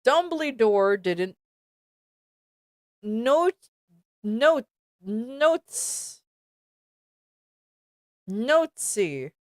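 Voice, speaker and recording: A woman's voice: fairly high pitch, big pitch swings, extremely slow, long pauses, dry recording, clean studio sound. A woman streamer reading a fan fiction aloud with commentary, stumbling over words and sounding exasperated.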